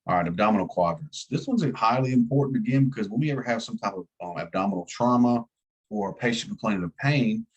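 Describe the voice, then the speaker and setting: Husky man teaching with southern twang. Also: lowish voice, fast, muffled recording. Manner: folksy, interactive, slightly twangy southern delivery. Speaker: EMT instructor. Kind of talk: casual classroom lecture.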